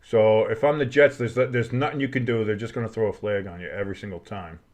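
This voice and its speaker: A man from America calling a football game live for a stream, chatting with viewers between plays, blunt and swearing, breaking into loud excitement at times. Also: fairly low pitch, quick pace. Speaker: play-by-play streamer. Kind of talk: casual live play-by-play and reaction.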